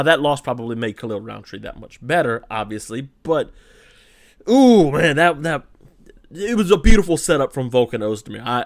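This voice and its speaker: A man's voice: medium pitch, dry recording. A Cajun man from Louisiana recapping fights casually as host, rambling with frequent restarts and fillers. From Louisiana, USA. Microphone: desk camera mic.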